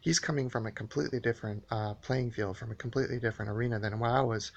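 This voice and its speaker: Man, gravelly voice, mid pitch, casual monologue, hesitant, lots of fillers, aggrieved tone. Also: steady tone, quick pace, highs cut off. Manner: rambling, hesitant, many uh and um fillers; earnest, aggrieved retelling. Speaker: vlogger recounting a personal dispute.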